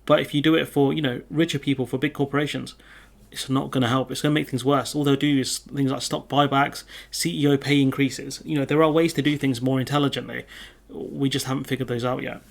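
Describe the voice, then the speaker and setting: A man's voice: medium pitch, level tone, brisk, vocal fry. A man giving casual political commentary on the news, sardonic and chatty, with lots of filler words.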